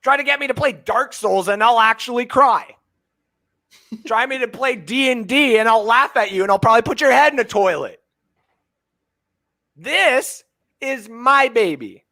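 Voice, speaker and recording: A man from Canada, in his thirties, co-hosts a sports podcast in a loud, profane rant. His voice sits high and bright. He swings between shouting and low muttering. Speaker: fantasy sports podcast co-host. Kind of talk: ranting podcast chat.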